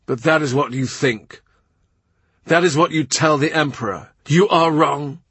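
A man voicing a volatile, powerful king who speaks forcefully and emphatically. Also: on the high side, unhurried, husky, no room sound, pitched above the performer's own voice, heavily acted. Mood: commanding. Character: volatile powerful king, cold then furious.

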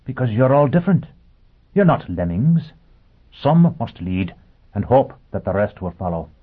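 A man's voice: mid-range voice, very animated, moderate pace, slightly rough, pitched above the performer's own voice. A man voicing a cheerful, polite male bartender robot that lectures serenely. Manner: politely beaming, preachy. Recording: tinny phone-like audio.

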